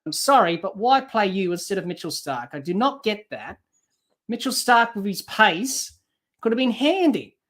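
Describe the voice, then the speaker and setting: A man's voice: high voice, big pitch swings, normal speed, fairly bright tone. Exasperated man commentating cricket. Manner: exasperated, scolding players and selectors directly. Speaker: podcast host doing live cricket commentary. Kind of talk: live watch-along cricket commentary.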